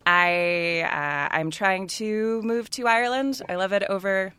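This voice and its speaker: A woman's voice: mid-range voice, measured pace, sharp tone, clean tone, dry recording. A woman on a comedy panel show, chatting in a laid-back, hesitant way. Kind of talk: casual comedy banter.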